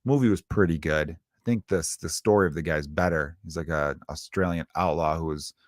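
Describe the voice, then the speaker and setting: A man's voice: extremely low pitch, moderate pace, no room sound, clean studio sound. Profane, rambling man ranting on a podcast. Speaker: podcast host and comedian. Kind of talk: casual comedic rant.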